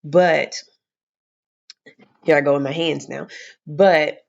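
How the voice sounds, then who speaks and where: Young woman vlogger, chatty and expressive, casual swearing, slightly dull home recording. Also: deep voice, slow pace, gravelly. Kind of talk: casual storytelling to camera.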